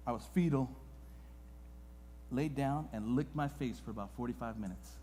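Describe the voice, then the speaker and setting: A man preaching a sermon as a guest pastor in a church, moving between hushed and loud, impassioned delivery. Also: medium pitch, normal speed, a little hiss or hum. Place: church sanctuary. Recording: long reverb of a church hall.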